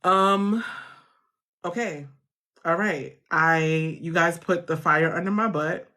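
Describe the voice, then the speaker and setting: A woman's voice: on the low side, slow, pushed and bright. A woman hosts a live funding chat. She speaks casually and reassuringly, laughing easily and often restarting her sentences mid-thought. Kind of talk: casual live-stream talk to viewers.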